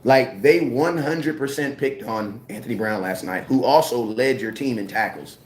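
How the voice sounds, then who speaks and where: A man ranting casually about football, slangy and animated, repeating his points. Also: mid-range voice, normal speed, roomy sound. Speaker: sports commentator. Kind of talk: casual sports rant.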